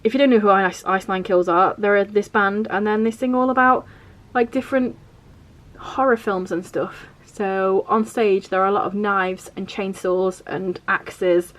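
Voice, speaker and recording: A woman talks casually in a vlog as she flips through her journal. She rambles a little and leans on filler words. Her pitch sits in an ordinary middle range. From England. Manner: chatty, rambling, uses filler like "like" and "vibe". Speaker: vlogger.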